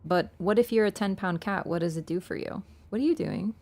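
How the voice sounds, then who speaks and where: A woman's voice: medium pitch, a little fast, a little mellow. A woman game streamer in casual live-stream chat, playful and chatty, talking to her cat between lines and laughing easily. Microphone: wearing an earbud headset.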